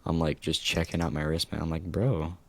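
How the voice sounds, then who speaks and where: A man's voice: level tone, fairly quick, creaky, slight background noise. A young man telling a story on a casual podcast, laughing often and swearing a lot. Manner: laughs often, swears a lot, jumps into high squeaky voices when quoting himself. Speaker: podcast co-host.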